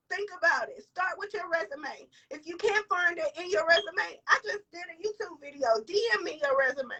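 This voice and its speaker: A woman's voice: very high-pitched, bright, forceful tone, far from the mic, poor audio. A young woman vlogger giving an emotional motivational talk, tearful and sniffling, repeating lines for emphasis. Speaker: vlogger and entrepreneur.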